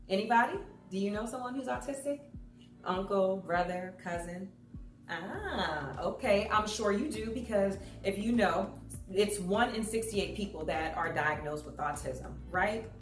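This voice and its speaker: Woman, thirties, lively storyteller on stage; echoey hall, faint music. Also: medium pitch. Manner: animated, acts out voices in her stories. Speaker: public speaker. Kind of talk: storytelling talk to an audience.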